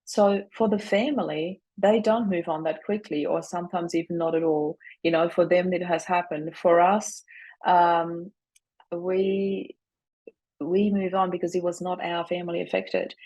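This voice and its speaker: Low husky-voiced woman, earnest guest. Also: steady tone, unhurried, rough recording. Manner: earnest, warm-hearted, speaks from experience. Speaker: grief coach guest. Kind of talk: reflective interview answers.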